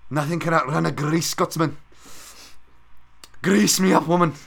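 A man putting on a put-on Scottish accent to voice a gruff, hot-tempered cartoon janitor with a loud, growling brogue. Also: fairly high pitch, steady tone, measured pace, voice pushed up. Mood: blustering.

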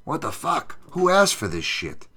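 A podcast host makes fight betting picks, reading out the chat amid loose, profane, sarcastic banter in a casual livestream. His voice is a little high and swoops wildly in pitch, moving at a measured pace with a sharp, breathy edge.

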